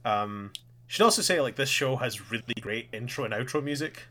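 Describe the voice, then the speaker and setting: A man co-hosting a casual podcast chat about an anime, animated and given to loud quoted voices when retelling scenes. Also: medium pitch, moderate pace. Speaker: podcast co-host.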